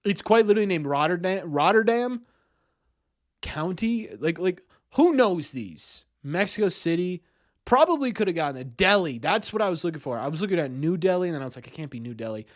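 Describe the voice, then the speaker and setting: A man's voice: high voice, lively intonation, fairly quick, no echo, studio quality. A young man streaming, thinking aloud through a quiz and mocking himself when he gets answers wrong. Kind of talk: live stream chat.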